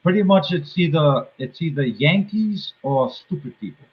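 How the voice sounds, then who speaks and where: A man with a Boston accent hosts a casual live stream, a touch higher-pitched than most men. He talks in halting, joking bursts, often restarting his sentences. The audio is dull and lo-fi. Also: lively intonation. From Cape Cod, Massachusetts. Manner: halting, restarts a lot, jokey.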